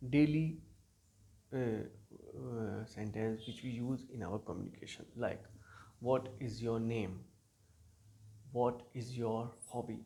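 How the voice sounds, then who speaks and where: A man's voice: medium pitch, vocal fry, darkish tone. A man, coaching learners in an earnest, emphatic teaching monologue. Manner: earnest, emphatic advice with frequent repetition and restarts. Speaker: English speaking coach.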